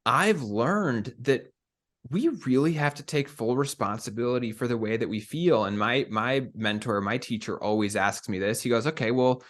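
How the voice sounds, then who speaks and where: A man co-hosting a podcast, talking in an earnest, measured, coaching way. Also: medium pitch, fairly bright tone. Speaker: podcast co-host. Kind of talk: reflective conversational talk.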